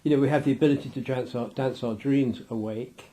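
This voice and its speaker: A man's voice: medium pitch, fairly even intonation, a little fast, warm tone. Guy being interviewed, rambly, lots of restarts, medium voice, laughs mid-story. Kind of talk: loose unscripted interview.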